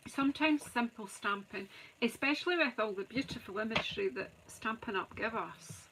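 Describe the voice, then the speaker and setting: A Scottish woman with a slightly high voice talks her way through a live card-making session from her craft room. She chats and jokes easily with her viewers and greets them by name. A faint hiss of noise sits under the recording. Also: normal speed. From Scotland. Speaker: craft channel host. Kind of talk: live-stream crafting chat.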